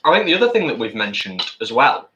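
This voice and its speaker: A man's voice: mid-range voice, sing-song, fast, pushed and bright, echoey room, a little hiss or hum. A man co-hosting a live stream, chatting over a meal and reading viewer comments aloud. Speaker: co-host reading chat. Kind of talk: casual live-stream chat while eating.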